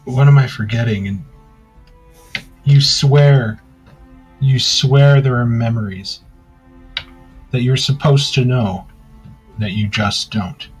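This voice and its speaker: Man, game master, calm descriptive narration over faint music. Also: medium pitch, slightly rough, poor audio. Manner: descriptive second-person narration, unhurried.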